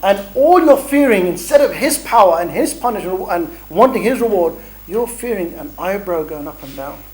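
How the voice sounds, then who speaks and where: A man's voice: high-pitched, expressive, moderate pace, darkish tone, poor audio. A man giving a chatty, bantering training talk to a group, telling stories and dropping Arabic phrases. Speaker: dawah instructor.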